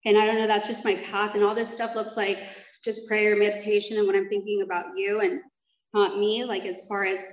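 A woman with a mid-range voice talks briskly and in a level tone as she shares her story with a recovery group. Candid and rambling, she laughs at herself often; the recording is low-quality and echoes around the room.

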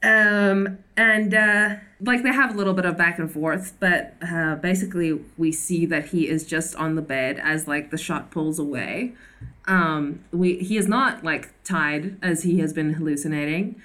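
A woman's voice: lowish voice, fairly even intonation, measured pace, pushed and bright. A young woman co-hosting a podcast, recapping a TV episode in casual chat, with lots of fillers and laughter. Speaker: podcast co-host.

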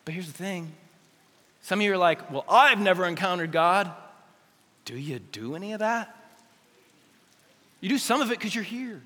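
Man, youth pastor, high voice, energetic and joking, long hall reverb. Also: normal speed, pauses often, slightly rough. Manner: energetic, joking, speaks straight to teens. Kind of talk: youth sermon.

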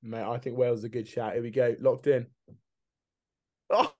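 A man's voice: mid-range voice, little pitch movement, fast talker, warm tone. A man co-hosting a casual podcast, reading out quiz questions and teasing with frequent laughs. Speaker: podcast co-host, quizmaster. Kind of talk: casual banter.

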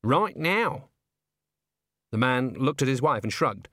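A man reading a comic fantasy story aloud in wry, measured scripted narration. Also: mid-range voice, fairly bright tone, dry recording, clean studio sound. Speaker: audiobook narrator.

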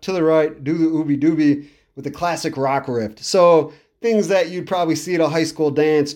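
A man's voice: on the high side, a little mellow. A man hosting a podcast who talks through an album in a casual, enthusiastic, rambling way, repeating himself for emphasis. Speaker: podcast host. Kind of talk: casual music review monologue.

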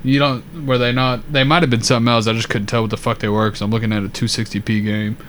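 A man's voice: mid-range voice, flat delivery, fast, a bit bright, slight background noise. A man co-hosting a podcast in casual chat, telling stories in a laid-back, profane way with frequent laughs. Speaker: podcast co-host.

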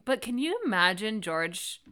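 Bright, animated woman podcast co-host. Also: mid-range voice, measured pace. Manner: chatty and animated, acts out characters. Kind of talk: casual chat recapping a TV episode.

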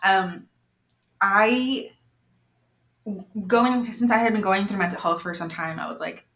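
A young woman hosting a podcast, speaking openly and confessionally, quick to laugh and get emotional. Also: mid-range voice, fairly bright tone, reverberant. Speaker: podcast host. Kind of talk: candid conversation.

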